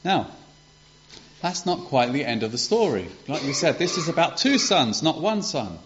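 Animated man retelling a parable. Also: on the high side, moderate pace, dull audio, noisy background. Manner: conversational, rhetorical questions, restarts. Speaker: preacher giving a children's talk.

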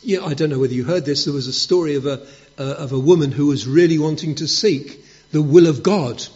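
Storytelling preacher with a lo-fi sound. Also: male voice, a little high, brisk, a little mellow. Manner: storytelling with acted quotes, conversational. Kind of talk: sermon. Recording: dull lo-fi recording.

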